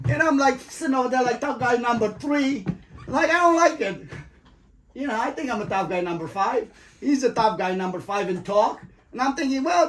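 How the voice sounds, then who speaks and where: A man, a father, telling his children a story in casual chat, animated and swearing often, acting out what people said. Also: very high voice. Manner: animated, swears a lot, acts out quoted voices.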